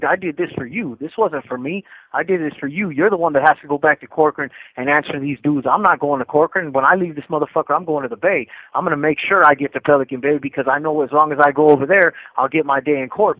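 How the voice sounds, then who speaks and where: A middle-aged man telling a rough prison story in a quick, profane, filler-heavy way on a live call-in show. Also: on the high side, no room sound. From California. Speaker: co-host. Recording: tinny phone line, dry.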